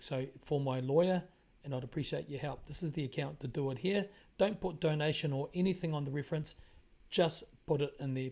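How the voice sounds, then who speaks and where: A man with a New Zealand accent hosts his own broadcast, delivering a monologue of commentary on current events. His voice is fairly high with a dark tone, and he speaks emphatically, repeating phrases for effect.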